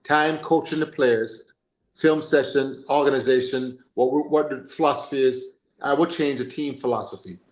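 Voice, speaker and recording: A man's voice: mid-range voice, moderate pace, roomy sound. A man with a Jamaican accent hosting a casual football chat, talking animatedly and often checking in with "you understand?". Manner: animated, repeats himself, asks "you understand?". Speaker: podcast host.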